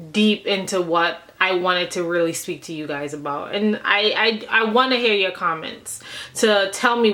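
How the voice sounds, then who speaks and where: Woman vlogger, young adult, casual storytelling to camera, animated, rambling, middle pitch. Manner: animated, conversational, rambling with restarts.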